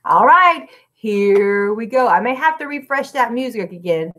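A woman's voice: a little high, expressive, unhurried, noisy background. A woman music teacher, recording a lesson for young children from her classroom, clapping and chanting rhythms and breaking into short sung lines.

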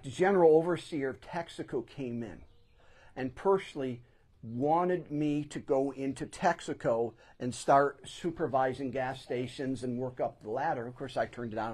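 A man's voice: medium pitch, darkish tone. A middle-aged man, a pastor, preaching a sermon in a church sanctuary, telling a personal story and pressing hard on key phrases.

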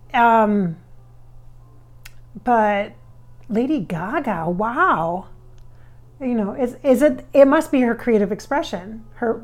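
A woman's voice: on the high side, darkish tone. A woman working as a psychic medium, talking through a channeling session in a chatty, rambling way. She often corrects herself as she goes.

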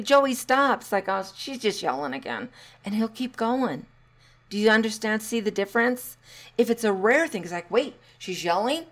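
A middle-aged woman hosting a casual solo podcast as a parenting coach, chatty and encouraging, with sarcastic asides. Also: on the high side.

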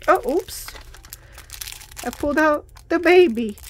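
A woman's voice: high voice, expressive, slow, a little hiss or hum. A woman hosting a toy unboxing video, chatty and giggly, exclaiming over tiny toys. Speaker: toy review host. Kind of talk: casual unboxing chat.

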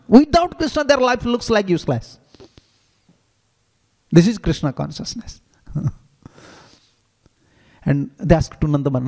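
Lively high-voiced man giving a sermon. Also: moderate pace, vocal fry, long pauses, in a large hall. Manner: animated, in simple non-standard English. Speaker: monk giving a scripture class. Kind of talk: devotional lecture with storytelling.

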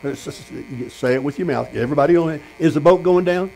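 Fairly high-voiced preacher man. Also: fast, vocal fry, darkish tone, rough recording. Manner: storytelling, asks the congregation questions. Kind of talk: sermon. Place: tent meeting.

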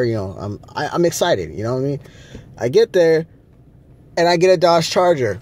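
A man's voice: mid-range voice, sing-song, moderate pace. A man vlogging from a rental car, ranting angrily with lots of swearing. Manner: angry, profane ranting. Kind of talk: casual vlog rant.

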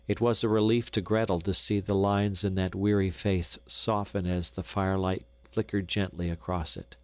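An older man giving gentle, measured narration of a storybook on a close studio mic. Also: fairly low pitch, dry recording. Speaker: audiobook narrator.

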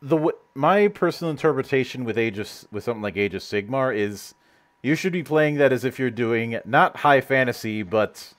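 A male host talking in a loose, chatty podcast style. He rambles and trips over his words, restarting phrases and stammering repeats as he goes. His pitch sits in a plain middle range for a man. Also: animated, moderate pace, a bit bright. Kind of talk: casual podcast chat.

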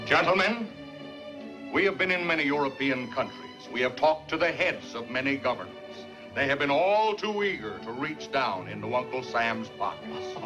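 A man's voice: medium pitch, lively intonation, moderate pace, close to an everyday voice. A blunt American senator, played by a man, talks in a plain-spoken, businesslike way. The sound is a dull 1950s film soundtrack with music behind him. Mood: orating.

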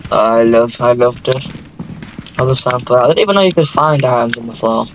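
A man co-hosting a gameplay video, excitable and joking, often stumbling over his words. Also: medium pitch, brisk, a little hiss or hum. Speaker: gaming video co-host. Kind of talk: casual gameplay chat.

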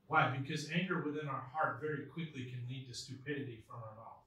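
Pastor preaching in echoey church. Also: male voice, medium pitch, steady tone, brisk, bright, forceful tone, a little hiss or hum. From United States. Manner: earnest, reads scripture aloud with emphasis. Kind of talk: sermon. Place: church sanctuary. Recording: echoey church hall from far off.

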